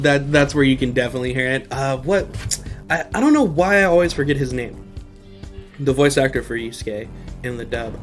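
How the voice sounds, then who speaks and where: A man's voice: mid-range voice, fairly bright tone. A young man hosting a podcast, casually recapping an anime episode in a rambling, profane way and laughing often. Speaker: podcast host.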